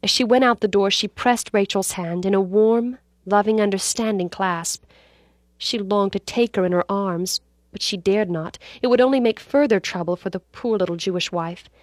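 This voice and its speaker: Woman narrating a story, measured and dramatic. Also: mid-range voice, no echo, studio quality.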